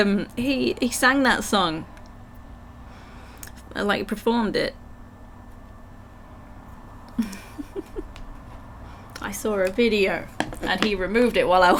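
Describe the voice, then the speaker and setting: A woman with a croaky throat chatting with her live chat while reading game text aloud. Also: mid-range voice, slow, pauses often, fairly bright tone, slight background noise. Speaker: livestream gamer.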